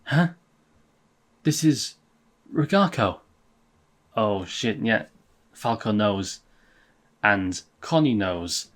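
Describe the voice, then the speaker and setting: A man reading a manga chapter aloud and reacting casually, swearing and laughing often, and getting louder and higher when amused. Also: slow pace, long pauses.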